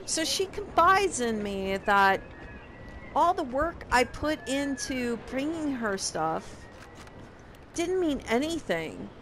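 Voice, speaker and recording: A woman's voice: mid-range voice, background noise. A young woman casually recapping a game, sarcastic and profane in her exasperation. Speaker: game reviewer.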